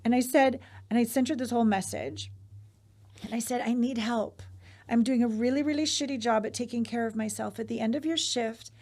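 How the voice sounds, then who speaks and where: A middle-aged woman hosts a candid conversation over a video call, her voice sitting a touch high. She talks frankly and with open emotion, dropping the odd swear word along the way. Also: steady tone, fairly quick, a little mellow. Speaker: host.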